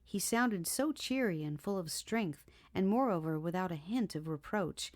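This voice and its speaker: Woman narrator, audiobook, lower register, measured and expressive.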